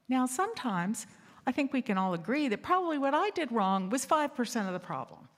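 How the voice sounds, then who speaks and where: A woman's voice: on the high side, very animated, moderate pace. A woman hosting an assembly, telling a candid, funny story to a live audience and asking them questions. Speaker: assembly host. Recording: reverberant hall.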